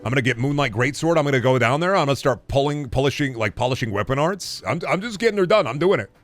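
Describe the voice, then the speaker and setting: A man's voice: animated, fast talker, faint music behind. A man streaming a game, rambling in goofy bits and swearing freely as he plays. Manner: rambling, goofy, swings to loud high bits. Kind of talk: casual gameplay commentary.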